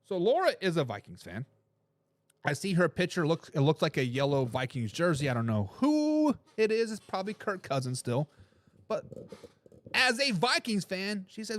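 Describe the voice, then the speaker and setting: A man hosting a casual live sports talk show, reading viewer comments aloud with a joking, animated manner and frequent laughs. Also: sits high, normal speed, no echo.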